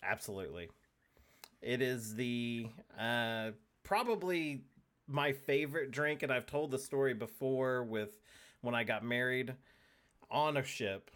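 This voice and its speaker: Slow, laid-back man telling a story. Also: mid-range voice, a bit bright. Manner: laid-back, laughs at himself. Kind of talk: casual live-stream chat.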